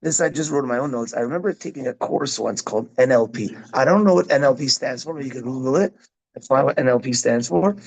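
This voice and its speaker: Gravelly rabbi rambling through a lesson. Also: male voice, mid-range voice, fast, a little mellow, rough recording. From Israel-educated, speaks Hebrew. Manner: rambling, self-interrupting, repeats words. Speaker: rabbi teaching a parenting class. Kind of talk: casual classroom talk.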